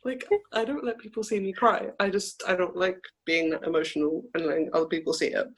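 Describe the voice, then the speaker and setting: Husky-voiced podcast cohost, rambling through a story, acts out what everyone said. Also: medium pitch, steady tone, brisk. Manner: rambling storyteller who acts out quoted lines, heavy use of "like". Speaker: podcast co-host. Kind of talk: casual chat, telling a personal story.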